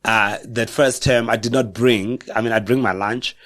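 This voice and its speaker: A middle-aged South African man with a South African accent, a guest on a podcast, telling personal stories in a reflective, halting way with frequent self-corrections. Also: mid-range voice, fairly even intonation, a bit bright, dry recording, clean studio sound. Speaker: guest author. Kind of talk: personal storytelling in a podcast interview.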